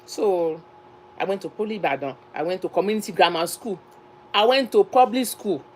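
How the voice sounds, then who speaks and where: A woman's voice: medium pitch, brisk, darkish tone, a little hiss or hum, rough recording. A woman from Nigeria with a Nigerian accent, hosting a casual live stream chat and talking in a chatty, repetitive, emphatic way.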